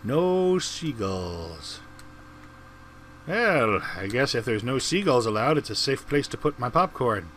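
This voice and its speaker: A man's voice: medium pitch, sing-song, moderate pace, hardly any pauses, bright, forceful tone, a little hiss or hum. A man giving casual commentary over a game he is playing, with wry, sarcastic quips. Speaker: let's-play gamer.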